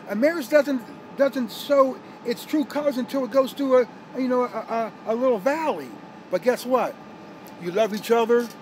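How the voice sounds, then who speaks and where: A man's voice: very high-pitched, a little hiss or hum. A man, a steelworker, speaking earnestly and plainly outdoors in a documentary interview, leaning on homely comparisons.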